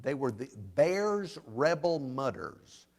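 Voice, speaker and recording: Animated joking male talk show host. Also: medium pitch, slow pace, vocal fry. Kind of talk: comedic interview.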